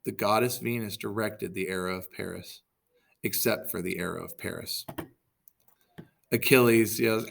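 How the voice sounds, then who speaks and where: A man's voice: on the low side, fairly even intonation, moderate pace, creaky, pauses often. A man reading a story aloud in a casual way, with stumbles, self-corrections and joking asides. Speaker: reader.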